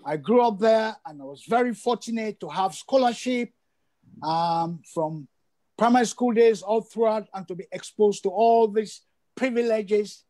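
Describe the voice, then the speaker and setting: A man from Sierra Leone, a local councillor, answering interview questions in a measured way and repeating words as he finds his phrasing. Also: sits high, warm tone, dry recording. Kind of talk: interview answers; opening lines a prepared campaign statement.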